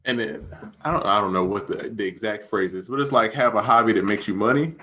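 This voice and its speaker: A young man, a music producer, co-hosting a podcast and talking casually in relaxed slang, often saying "dog" and "bro.". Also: on the low side, a little fast. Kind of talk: casual chat.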